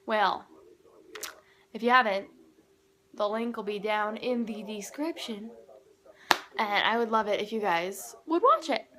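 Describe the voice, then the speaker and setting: A woman's voice: mid-range voice, unhurried, pauses often, sharp tone. A teenage girl telling a story to camera at home in a casual, chatty way, acting out what people said. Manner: chatty, acts out quoted dialogue. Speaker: vlogger.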